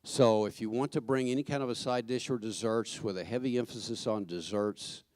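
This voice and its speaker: A man giving church announcements in a chatty, joking way, halting with fillers and restarts. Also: medium pitch, a little mellow, no room sound, clean studio sound. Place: church sanctuary.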